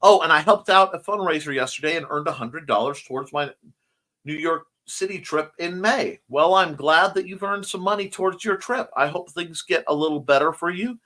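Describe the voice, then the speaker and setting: A man with a higher-leaning voice hosts a casual morning stream at a moderate pace, his tone slightly scratchy and marked by a speech impediment he mentions himself. Rambling and playful, he reads viewer comments aloud and stays warm toward his audience.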